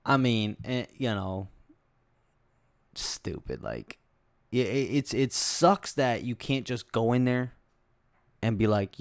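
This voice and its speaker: A man's voice: mid-range voice, expressive, takes it slowly, pauses often, no room sound, studio quality. A young adult man hosting a podcast, rambling through stories in a loose, profane, casual way. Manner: rambling, profane, laid-back storytelling. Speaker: podcast host. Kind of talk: casual solo podcast chat.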